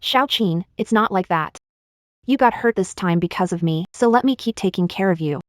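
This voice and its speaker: A woman's voice: on the low side, animated, moderate pace, no room sound, lightly acted. A woman voicing a determined young wife in a dubbed drama, firm and cutting, in a dry booth.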